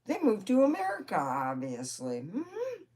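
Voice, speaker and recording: A woman's voice: medium pitch, wildly swooping pitch, unhurried, background noise. A woman vlogger telling personal stories in a rambling, chatty way, with swearing. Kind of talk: casual personal storytelling.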